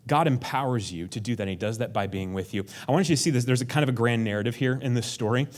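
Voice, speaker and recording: A man's voice: medium pitch, fast talker. A male pastor preaching a conversational sermon, acting out prayers in a raised voice and dropping to a near whisper for emphasis.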